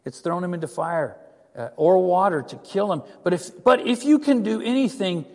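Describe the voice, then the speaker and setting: A man's voice: high-pitched, moderate pace, darkish tone, in a large hall, close to an everyday voice. A man voicing a desperate father who pleads for help for his sick son. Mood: pleading. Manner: pleading, strained.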